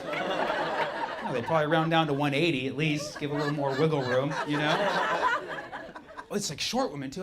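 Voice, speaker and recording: A man's voice: a little high, sing-song, normal speed, long pauses, very noisy. A man performing a stand-up comedy routine with playful crowd work and exaggerated bits. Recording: live show with loud audience laughter.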